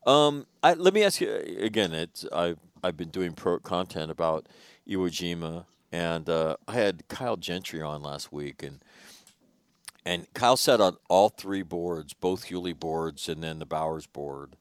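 A man hosting an interview, telling a long story in a casual, animated way and swearing now and then. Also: low voice, a little slow, smooth, dry recording. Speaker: podcast host.

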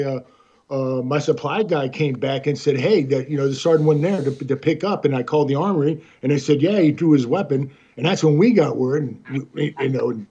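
Man, husky mellow voice, hesitant and measured, muffled lo-fi audio. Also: fairly high pitch. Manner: hesitant, measured, many fillers. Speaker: guest, former Marine officer. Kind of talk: reflective recollection in a panel conversation.

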